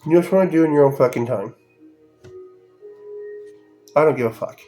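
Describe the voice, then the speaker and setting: A man in a heated, profane monologue, his voice sitting a little high for a man. He mocks people with put-on voices and swears constantly. Faint music plays softly in the background. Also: normal speed. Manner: angry, swearing, mocking voices. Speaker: podcast host.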